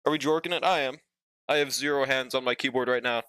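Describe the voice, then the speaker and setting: A young man chats with his live-stream viewers in a loose, joking way, swearing now and then. His voice is bright and crisp. The desk mic gives a dry, close sound. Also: mid-range voice, fairly even intonation, quick pace, no echo. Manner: laid-back, joking, talks to chat, swears casually. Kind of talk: casual live-stream chat.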